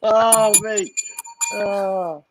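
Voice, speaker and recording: A man's voice: high voice, fairly even intonation, extremely slow, a loud crowd. A man co-hosting casual banter, teasing and laughing a lot.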